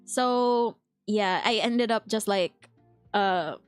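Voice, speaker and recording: A woman's voice: mid-range voice, slow pace, clean tone, dry recording, soft background music. A young Filipino woman with a Filipino accent, chatting casually with her stream chat, laughing often and reading messages aloud. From Philippines. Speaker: VTuber streamer.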